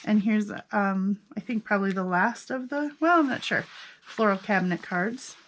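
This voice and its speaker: A woman's voice: medium pitch, normal speed, a bit bright, slight background noise. A woman casually narrating a flip-through of her handmade journals, chatty and self-amused, thinking aloud as she goes.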